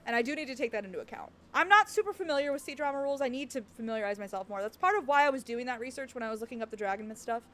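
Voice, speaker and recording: A young woman giving casual, laughing reaction commentary on a game, animated and self-mocking. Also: a little high, very fast, hardly any pauses. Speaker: game streamer.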